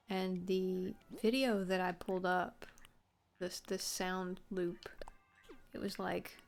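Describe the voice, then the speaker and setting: A woman's voice: mid-range voice, gravelly. A woman streamer chatting casually while she plays a game, wry and self-mocking with rambling asides. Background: faint game music.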